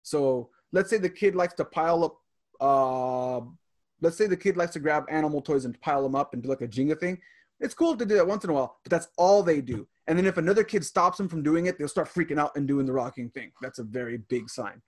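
A man with a slightly high voice, reading and explaining. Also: a little fast. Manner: reads items aloud and adds classroom stories. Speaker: teacher. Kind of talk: casual podcast chat, reading a list.

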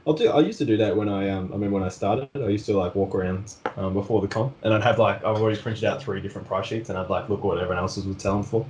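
A man's voice: on the low side, fast, hardly any pauses, crowd noise. A man, an artist who sells at conventions, chatting casually on a podcast, swearing freely and acting out customers.

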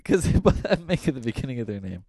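A man chatting casually, dropping wry quick quips. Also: medium pitch, very animated, warm tone, slight background noise. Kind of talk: casual chat.

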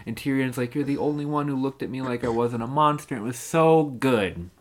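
A young man co-hosting a podcast, chatting casually and retelling scenes with lively, profane enthusiasm. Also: medium pitch, a little fast. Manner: animated retelling, acting out scenes, swears freely. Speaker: podcast co-host. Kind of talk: casual chat recapping a TV show.

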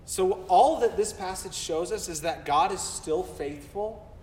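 A man's voice: high-pitched, a little slow, darkish tone, slight background noise. A man preaching a sermon to his church as pastor, speaking earnestly and repeating words for emphasis. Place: church sanctuary. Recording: roomy hall from far off.

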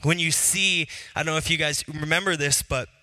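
A man's voice: on the high side, steady tone, brisk, bright, forceful tone, no echo. A married Christian man talking casually and earnestly about what moves him, with many fillers and restarts. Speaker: Christian speaker. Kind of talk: casual personal talk.

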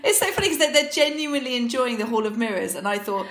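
A woman's voice: a little high, very animated, quick pace, a bit bright, echoey room, slight background noise. A woman co-hosting a casual chat, recapping a TV episode from her notes with plenty of filler words. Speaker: podcast co-host.

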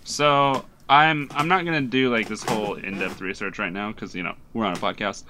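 A man's voice: on the low side, moderate pace, background noise. A man co-hosting a podcast in casual chat, hesitant and full of fillers. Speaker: podcast co-host.

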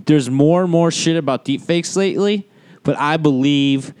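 A man's voice: fairly high pitch, darkish tone, smooth, no room sound. A man co-hosting a casual podcast, ranting and swearing freely as he talks. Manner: ranting, swears a lot, drawn-out emphasis. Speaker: podcast co-host. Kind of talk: casual profane chat.

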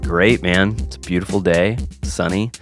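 Very deep-voiced Tennessee man. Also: fairly even intonation, moderate pace, over music. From Nashville, Tennessee. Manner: joking, laughs easily, filler-heavy. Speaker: podcast co-host. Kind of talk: casual podcast chat.

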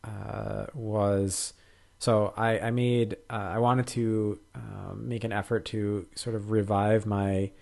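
A man with a lowish voice co-hosts a podcast in easygoing conversation. He talks haltingly, stopping and restarting his sentences and leaning on lots of fillers. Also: flat delivery, gravelly, a little mellow. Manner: hesitant, many fillers and restarts. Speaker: podcast co-host. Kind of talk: casual chat.

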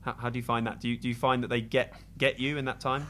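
A man's voice: mid-range voice, little pitch movement, fast talker, fairly bright tone, slight background noise. A man, hosting a live podcast chat in front of an audience, jokey and self-deprecating. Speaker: podcast host. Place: pub venue with a live audience.

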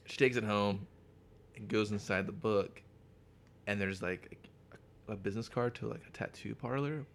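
A man co-hosting a podcast, casually retelling a comic's plot with lots of swearing and quick character voices. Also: fairly low pitch, gravelly, slight background noise. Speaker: podcast co-host. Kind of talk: casual comic book chat.

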